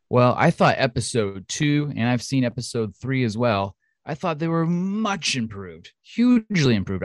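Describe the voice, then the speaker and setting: Chatty, excitable podcast co-host man. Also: fairly low pitch, dry recording, clean studio sound. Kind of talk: casual chat.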